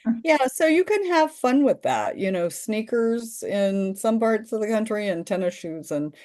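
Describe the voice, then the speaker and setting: A woman's voice: medium pitch, expressive, a little slow, a little mellow. A woman leading a video-call training session, chatting enthusiastically with participants. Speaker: workshop trainer. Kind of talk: casual group discussion.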